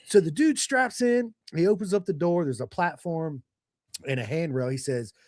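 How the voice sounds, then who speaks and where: A man telling stories in a casual podcast chat, swearing freely and talking with animated energy. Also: fairly high pitch, moderate pace, no room sound, clean studio sound. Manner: profane, animated storytelling.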